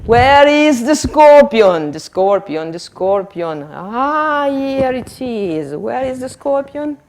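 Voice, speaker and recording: A spooky witch hunts for her missing creatures in slow, teasing questions, put on by a woman. The voice sits a bit higher than plain talk and lingers on each word. It is a light classroom game rather than real menace. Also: very animated, a little mellow, exaggerated voice. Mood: playful. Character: spooky playful female witch hunting pets. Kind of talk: classroom role-play demonstration.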